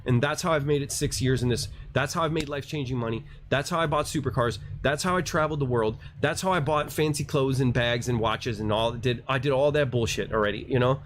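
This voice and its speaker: Man, crypto livestream host, casual rambling, slangy, self-mocking, mid-pitched voice, faint background noise. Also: brisk, few pauses.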